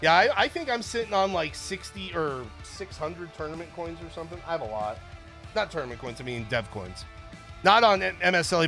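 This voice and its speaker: A male stream host rambles and jokes with his viewers in a loose, casual way. His voice sits high and sounds bright and forward. Faint music plays underneath. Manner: rambling, jokey, chatting with viewers. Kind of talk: casual livestream chat.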